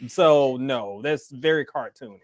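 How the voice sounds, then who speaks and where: A man co-hosting a podcast, chatting casually with relaxed, opinionated banter. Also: mid-range voice, measured pace. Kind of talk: casual chat.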